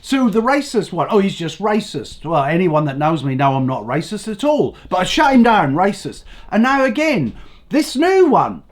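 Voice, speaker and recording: Hoarse older Englishman ranting, swearing freely. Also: high-pitched, normal speed. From England. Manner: swearing, blunt, animated. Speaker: vlogger. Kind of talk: ranting political commentary.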